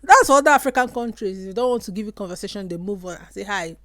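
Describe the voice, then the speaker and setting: A young Nigerian woman with a Nigerian accent, chatting casually to camera and mixing Pidgin asides into her lively storytelling. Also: mid-range voice, very fast, no room sound, studio quality. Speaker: vlogger.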